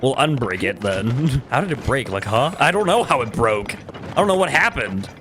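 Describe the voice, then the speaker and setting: A man's voice: mid-range voice, sing-song, normal speed, a bit bright, a little hiss or hum. A young man live-streaming a video game, chatting casually with his viewers and chuckling often as he jokes around. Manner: joking, chuckles often, talks to chat. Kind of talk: casual live-stream chat while playing. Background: game music.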